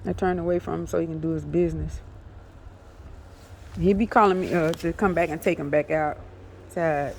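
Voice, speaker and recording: A woman's voice: low voice, steady tone, normal speed, vocal fry, long pauses, a little mellow. A woman chatting on a livestream from her yard, cooing and fussing at her dog in a chatty way. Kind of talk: casual live chat. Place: outdoors in a yard. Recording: echoey with long reverb, faint noise.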